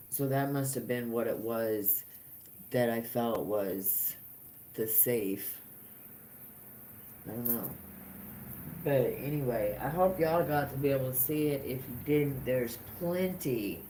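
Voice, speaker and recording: A woman hosts a casual inspirational vlog in a slow, unhurried drawl, swearing freely and breaking into laughter. Her voice sounds roomy and echoey, with faint background ambience. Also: extremely low pitch, mellow, slight background noise. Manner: slow, profane, laughing storytelling. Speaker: host.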